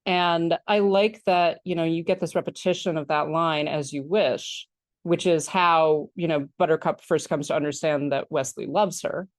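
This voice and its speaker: A woman co-hosting a film podcast in casual chat, animated and laughing often, acting out childish protests in a higher voice. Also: normal speed, dry recording, clean studio sound. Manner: frequent laughter and filler words. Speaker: podcast co-host.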